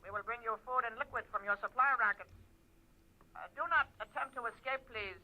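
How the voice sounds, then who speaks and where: A very high, cool alien blob leader. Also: male voice, brisk. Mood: coolly formal. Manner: formal, clipped and coolly menacing. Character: calm, polite alien leader, a small fleshy blob. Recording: muffled old film audio.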